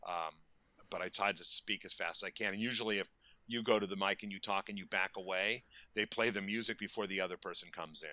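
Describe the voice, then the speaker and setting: A man's voice: low-pitched, fast, pushed and bright. A man in his fifties, a makeup effects artist, telling stories casually in an interview and acting out quoted lines with bursts of energy.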